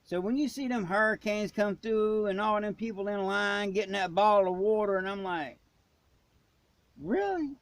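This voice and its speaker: Blunt high-voiced man ranting. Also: fairly even intonation, moderate pace, few pauses, dry recording. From Florida, USA. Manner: blunt, emphatic, folksy. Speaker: prepping channel host. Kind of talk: ranting vlog.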